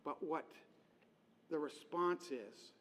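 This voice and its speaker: High-voiced preacher in a reverberant hall. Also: male voice, slow pace. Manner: conversational, animated storytelling. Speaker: pastor. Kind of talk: sermon.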